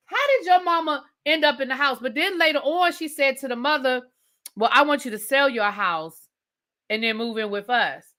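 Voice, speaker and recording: Incredulous, bright-voiced woman ranting. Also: high voice. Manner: blunt, incredulous, rapid-fire rhetorical questions. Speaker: TV review host. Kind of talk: casual rant review.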